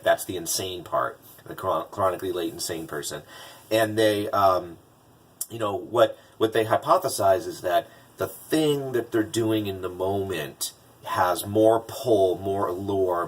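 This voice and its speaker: A man speaks casually in a vlog, drawing on his work as a business coach. His voice is low and husky. He restarts sentences often and gets animated when quoting people, recorded from a distance. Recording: distant mic.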